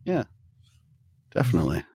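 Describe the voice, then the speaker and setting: Lower-voiced man riffing on a podcast. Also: huge pitch swings, a little mellow, breathy edge, no echo, clean studio sound. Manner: quick agreeing interjections, playful riffing. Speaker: podcast co-host. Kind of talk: casual podcast banter.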